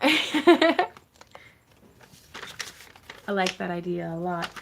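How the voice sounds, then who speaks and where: A woman's voice: mid-range voice, very animated, drawn-out words, creaky, slight background noise. A woman hosting a casual craft livestream, chatting to viewers in a gushing, effusive way and laughing often. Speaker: craft channel host.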